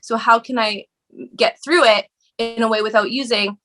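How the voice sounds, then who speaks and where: A woman talks candidly as a guest on a podcast. Her voice is bright and sits a little high. She tells her story with lively energy, casual swearing and frequent laughs. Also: moderate pace.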